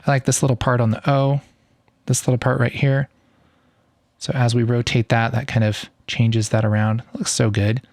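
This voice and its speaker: Easygoing, enthusiastic male tutor in his thirties, mid-pitched voice, dry close-mic recording. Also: darkish tone, dry recording. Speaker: video editing tutor. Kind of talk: casual screen-recorded tutorial.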